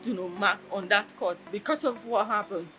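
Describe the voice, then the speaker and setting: A bright-toned woman speaks earnestly and from the heart, pausing and restarting as she talks. Soft music plays faintly behind her. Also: mid-range voice. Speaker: interviewee, deaf artist. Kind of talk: personal storytelling in an interview.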